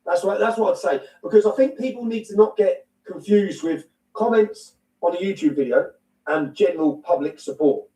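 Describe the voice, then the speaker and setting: In a heated conversational interview, a man from England with an English accent talks bluntly and emphatically, restating his points and cursing at times. His mellow voice sits high and moves at a normal speed, and the low-quality recording sounds roomy from a distant mic.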